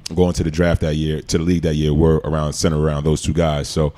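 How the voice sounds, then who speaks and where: A man in his forties with a very deep, low voice. He tells stories as a guest in a relaxed interview and slips into the voices of the people he quotes. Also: fast talker. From New York. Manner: animated storyteller who acts out quoted lines. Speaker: guest, former pro football player. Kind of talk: casual podcast storytelling.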